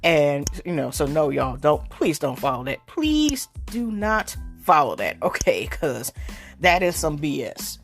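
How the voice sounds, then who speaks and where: A woman's voice: low voice, very animated, unhurried, faint music behind. A woman hosting a casual solo podcast, talking in a rambling, slangy way with many fillers and restarts. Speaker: podcast host.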